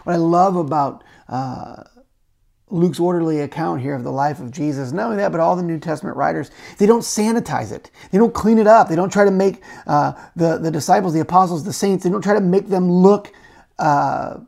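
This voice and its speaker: A man preaching a sermon as pastor, telling the story conversationally with lively asides and frequent "uh" fillers. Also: fairly high pitch, a little fast, creaky. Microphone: camera-recorded talk.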